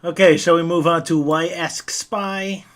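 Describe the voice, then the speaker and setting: A man's voice: on the high side, fairly even intonation, measured pace. A man co-hosting a casual podcast, joking and trailing off at the ends of phrases. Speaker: podcast co-host.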